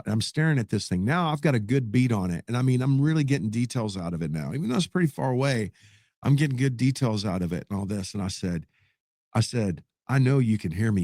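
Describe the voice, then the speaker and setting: A man in his fifties, a pastor, telling a personal story in an animated, dramatic way and often dropping in "man". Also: medium pitch, no echo, studio quality.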